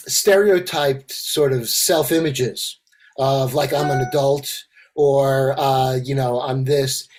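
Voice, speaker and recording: An older man facilitating an online empathy circle, talking in a halting way with many fillers and restarts. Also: medium pitch, a little mellow. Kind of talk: casual online group discussion. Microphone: video call.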